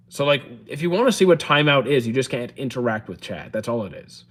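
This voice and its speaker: A young man, live-streaming and casually answering chat questions, chatty and relaxed with lots of fillers and restarts. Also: medium pitch, fast, hardly any pauses. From Canada.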